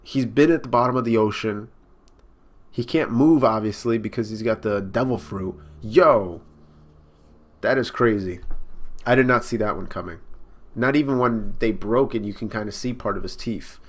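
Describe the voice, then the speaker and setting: A man reacting live to a comic chapter, excited and swearing freely as he thinks out loud. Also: fairly low pitch, normal speed. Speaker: manga reaction streamer.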